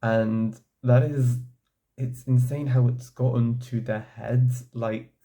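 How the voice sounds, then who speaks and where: A young man with a very deep, mellow and dark tone talks through his opinions as a casual vlog. He rambles, circles back and fills gaps with "like" while he gathers his thoughts. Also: fairly even intonation, slow. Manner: rambling, frequent "like" and restarts. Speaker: vlogger.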